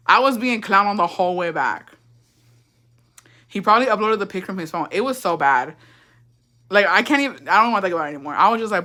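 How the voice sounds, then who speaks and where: A woman's voice: medium pitch, expressive, fast, pushed and bright. A young woman telling a story in a casual, rambling way, swearing a lot and slipping into Spanish. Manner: profane, rambling, switches into Spanish. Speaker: vlogger.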